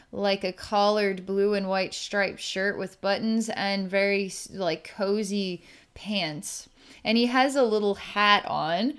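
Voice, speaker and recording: Woman psychic healer, smooth clear tone, halting and searching, narrating visions live. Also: mid-range voice. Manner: halting, searching, describes visions as they come. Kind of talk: narrating a distance healing vision.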